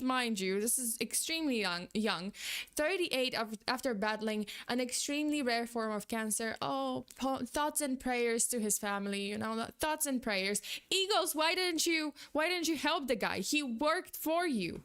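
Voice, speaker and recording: A young woman streamer with a fairly high voice, chatting casually with her viewers. She rambles, restarts her thoughts, and swears freely. Now and then she bursts into exasperated disbelief. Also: expressive, a little slow, fairly bright tone, clean tone. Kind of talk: casual livestream chat.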